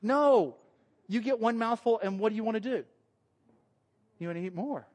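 A man, a pastor giving a relaxed, conversational sermon in church, cracking jokes. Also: high voice, moderate pace. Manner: conversational, joking, acts out quoted voices. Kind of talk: casual sermon with slides.

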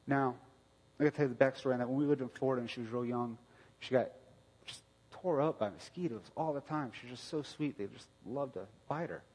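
A middle-aged man preaching a conversational sermon, telling a family story with restarts and sudden loud bursts. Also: medium pitch, a little fast, pauses often, breathy edge. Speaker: pastor. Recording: long reverb of a hall.

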